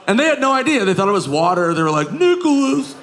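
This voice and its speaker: A man doing a stand-up comedy set on a club stage, jumping into shrieking high voices when he acts out drunk women. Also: sing-song, very fast, background noise. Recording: live club recording with crowd laughter.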